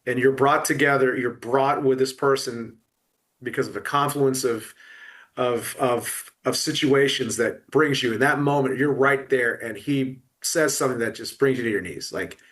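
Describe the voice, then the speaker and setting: A man's voice: medium pitch, fairly bright tone. A middle-aged man talking about loss in an emotional podcast conversation, full of restarts and fillers. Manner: halting, many restarts and fillers. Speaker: guest.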